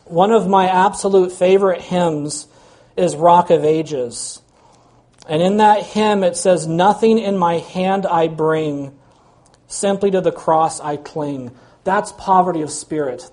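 A man's voice: high voice, darkish tone. A man preaching a sermon in an earnest, emphatic way. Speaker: pastor.

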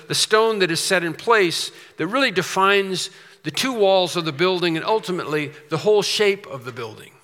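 A man's voice: high voice, pushed and bright. A man preaching a sermon as pastor, emphatic, with rhetorical questions and repeated phrases. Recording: long reverb of a large hall.

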